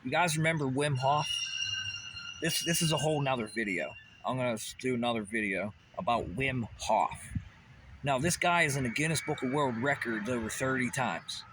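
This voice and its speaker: A man's voice: medium pitch, normal speed, noisy background. A man delivering a rambling, intense monologue as a vlogger, swearing often and repeating questions.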